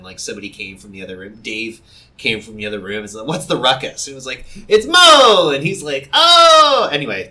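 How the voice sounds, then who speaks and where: A man co-hosting a casual podcast, telling stories in a playful, animated way. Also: medium pitch. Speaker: podcast co-host.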